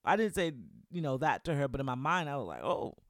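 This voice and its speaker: A young man talks to his listeners in a loose, chatty podcast monologue. His voice sits a little high for a man. The sound is close and dry, and he keeps checking in with his audience as he goes. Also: big pitch swings, fast talker, a bit bright, dry recording. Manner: chatty and encouraging, constantly checking in with "right?" and "you know". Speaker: podcast host. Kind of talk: casual solo podcast chat.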